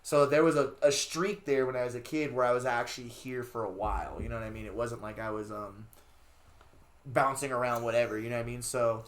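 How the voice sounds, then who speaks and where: A young man from Los Angeles chats as a guest in a loose, profane interview. He rambles through his story and swears freely, and his voice jumps louder when he gets worked up. His pitch sits in the middle for a man. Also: fairly quick. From Los Angeles, USA. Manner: profane, rambling, loud bursts when excited. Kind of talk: casual interview chat.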